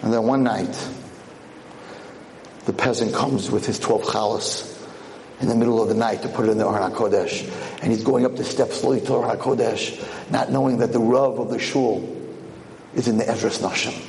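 A man telling a story in a lecture to a community, in an animated storytelling manner. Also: lowish voice, moderate pace, long pauses, a little hiss or hum. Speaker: rabbi lecturer. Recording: echoey hall.

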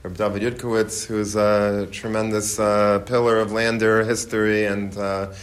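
A man addressing a gathering of guests, pausing often with fillers, then teaching from religious texts. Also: fairly low pitch, level tone. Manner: halting, many fillers. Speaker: speaker at a community gathering.

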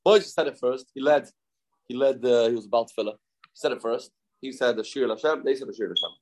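A man's voice: mid-range voice, quick pace, darkish tone. A man teaching a Talmud lesson, chanting quoted verses in a sing-song and asking and answering his own questions. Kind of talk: Talmud lecture.

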